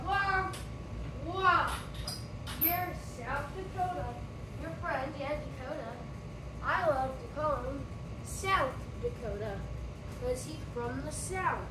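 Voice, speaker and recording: A woman's voice: high-pitched, reverberant, recorded from a distance, background noise. A woman with a British accent, joking around and calling everyone "mate" in a playful casual vlog. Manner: joking, tacks "mate" onto nearly every line. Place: outdoors, riding scooters and bikes.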